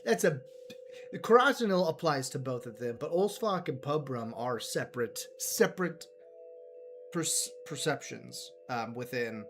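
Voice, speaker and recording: Solo streamer, male, wandering and self-mocking, animated voice over background music. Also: mid-range voice. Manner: meandering, self-deprecating, talks to himself. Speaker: livestream host. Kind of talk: rambling solo livestream chat.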